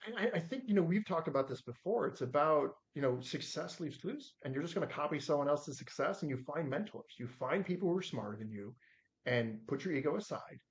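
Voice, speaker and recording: A man in his forties telling stories as a podcast guest, acting out the quotes with lively shifts in voice. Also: fairly high pitch, brisk, lo-fi sound. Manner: animated storyteller acting out his own quotes. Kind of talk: storytelling in a podcast interview.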